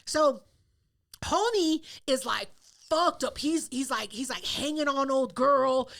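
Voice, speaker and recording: A woman co-hosting a podcast, telling a story in a casual, profane way and acting out the quotes loudly. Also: sits high, takes it slowly, creaky. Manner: animated, profane storytelling with loud acted-out quotes. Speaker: podcast co-host.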